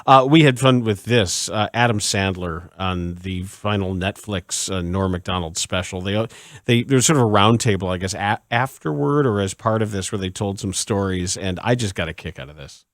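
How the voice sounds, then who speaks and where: A man hosting sports talk radio, joking around and sometimes rising to shouts of disbelief. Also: sits low, normal speed, no echo, studio quality.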